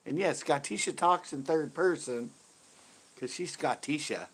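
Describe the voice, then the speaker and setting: A man's voice: on the high side, measured pace, slightly rough. A man co-hosting a live stream, rambling and laughing through casual jokey chat.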